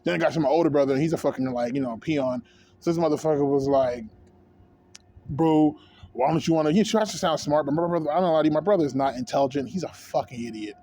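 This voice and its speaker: A man's voice: fairly high pitch, fast talker, mellow. A man in his thirties venting in a rambling, profane, heated rant to camera as a vlogger. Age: 30s.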